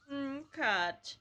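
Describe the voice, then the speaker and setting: Woman streamer chatting w her chat at home, bright kinda high voice, laughs a lot. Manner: chatty, laughs often between remarks. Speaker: live streamer. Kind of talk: casual chat with stream viewers.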